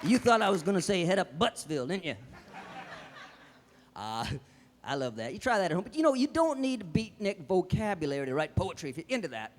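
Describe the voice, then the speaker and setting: A man's voice: sits high, big pitch swings, a little fast, a little hiss or hum. A man playing a hip male beatnik poet in a fez, delivering jive hipster patter and theatrical verse in a live stand-up character act. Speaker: stage comedian. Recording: live stage with reverb, music and audience.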